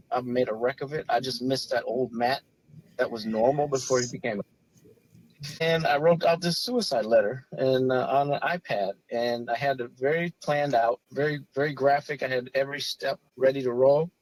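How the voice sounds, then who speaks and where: A man in his forties, a podcast guest, telling a personal story in an earnest, halting way with frequent restarts. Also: medium pitch, no room sound, rough recording. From Chicago area. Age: 40s. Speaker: podcast guest, former police officer. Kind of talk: personal story, casual talk.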